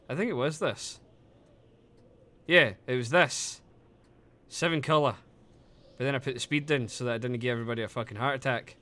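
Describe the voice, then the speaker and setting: Bright-voiced excitable male streamer. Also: mid-range voice. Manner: excitable, swears freely, laughs often. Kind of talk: casual live-stream chat.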